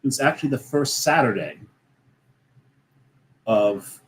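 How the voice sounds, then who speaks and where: A man's voice: mid-range voice, expressive, slow pace, poor audio. A man co-hosting a casual talk show who explains things at length in a methodical way. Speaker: co-host. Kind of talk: casual chat.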